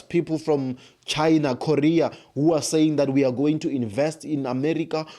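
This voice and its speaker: A man's voice: on the high side, dark tone. A man giving an emphatic political commentary monologue, piling up rhetorical questions and repeated phrases. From South Africa. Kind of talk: opinion monologue to camera.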